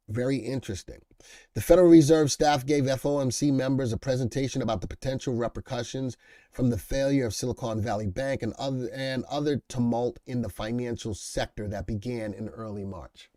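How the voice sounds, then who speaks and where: A man hosts a casual live stock market stream in an easy conversational voice that sits at a middle pitch. He reads headlines, riffs on them and calls out viewers in the chat by name. The sound is close and dry, with no room around it. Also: dark tone, dry recording. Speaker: livestream market show host.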